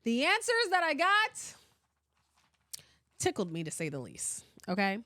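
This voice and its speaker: A woman hosting a podcast in casual chat, animated and blunt, swearing freely and often breaking into laughter. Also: high-pitched, unhurried, no room sound. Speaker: podcast host.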